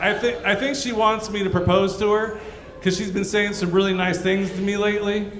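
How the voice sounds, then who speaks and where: High-pitched guy doing stand-up, brash and crude, roomy club sound. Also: flat delivery, a little fast, fairly bright tone. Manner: brash, profane, acts out both sides of stories. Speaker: stand-up comedian. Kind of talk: stand-up comedy set. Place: comedy club stage. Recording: roomy club with audience noise. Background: audience laughter.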